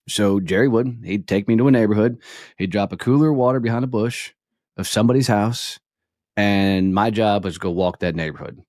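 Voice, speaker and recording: Blunt, deep-voiced man telling stories. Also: a little mellow, no echo, clean studio sound. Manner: blunt, straight-talking, swears casually. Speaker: guest. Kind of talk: casual storytelling interview.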